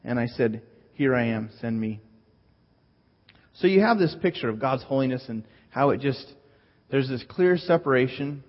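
A man preaching a sermon in an earnest, teaching manner, slowing down when he reads scripture aloud. His voice sits at a medium pitch. The recording is a little muffled and carries a long reverb, as in a large hall. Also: animated. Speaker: pastor.

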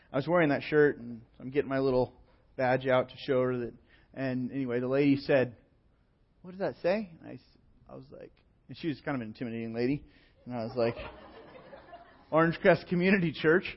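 A man preaching a sermon as pastor, telling stories in a relaxed, conversational way with plenty of fillers. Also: mid-range voice, lo-fi sound.

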